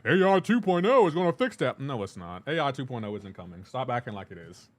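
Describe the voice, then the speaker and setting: A man's voice: medium pitch, big pitch swings, fast. A man streaming a game live, chatting casually, reading and answering chat aloud in a joking, teasing way.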